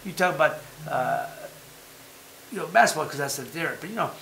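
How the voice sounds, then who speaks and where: A man's voice: fairly high pitch, brisk, vocal fry, slight background noise. Emphatic man in an echoey room. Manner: animated, emphatic, repeats himself; talks about having been a fighter. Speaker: podcast host. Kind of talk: casual chat.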